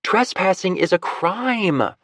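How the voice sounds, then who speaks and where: Jittery young mom, put on by a man, anxious, excitable, voice raised high, dry close read. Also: normal speed, breathy edge, no room sound. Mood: nervous. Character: nervous, playful young mother, a woman.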